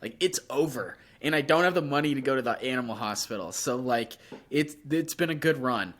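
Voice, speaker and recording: A young man, sick with a sore throat, co-hosting a podcast and telling an animated story in casual chat, acting out his own reactions. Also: medium pitch, a little fast. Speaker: podcast co-host.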